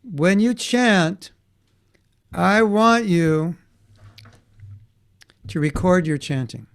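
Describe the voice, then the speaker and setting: A man's voice: sits high, animated, drawn-out words, vocal fry, clean tone. A man teaching a class for children in a conversational way, often checking in with his students and restarting his sentences. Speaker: workshop teacher for kids.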